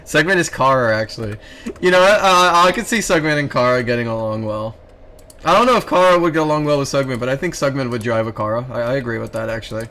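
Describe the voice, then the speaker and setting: A young man chatting casually on a stream, excitable and quick to laugh and slip into silly voices. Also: mid-range voice. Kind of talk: casual stream chat while drawing.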